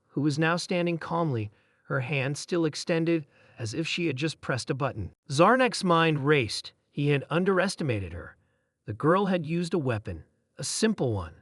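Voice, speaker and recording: Lively-voiced male story narrator. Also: on the high side, no echo, clean studio sound. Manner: steady, dramatic storytelling. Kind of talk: scripted narration.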